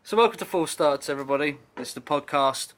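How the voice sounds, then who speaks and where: A man's voice: a little high, animated, fast, a bit bright. A man hosting a podcast, chatting casually with teasing, sweary banter. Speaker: podcast host.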